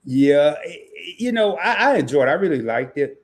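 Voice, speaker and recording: A man's voice: a little high, very animated, normal speed. A man hosting a casual livestream interview, teasing his guest and laughing often. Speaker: livestream host.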